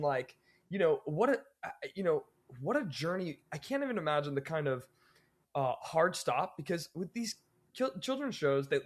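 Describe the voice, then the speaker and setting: A young man hosting a podcast interview, asking questions with excited, fan-like enthusiasm. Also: fairly high pitch. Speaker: podcast host. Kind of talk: casual interview chat.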